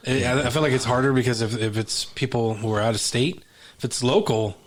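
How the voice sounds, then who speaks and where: Joking Texan podcast co-host. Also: male voice, mid-range voice, brisk. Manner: joking, playful, easygoing. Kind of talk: casual chat.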